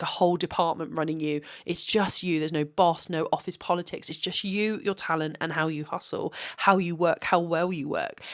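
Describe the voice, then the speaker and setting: A tired woman and photographer, talking candidly late at night, rambling with many restarts and laughs. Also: on the low side.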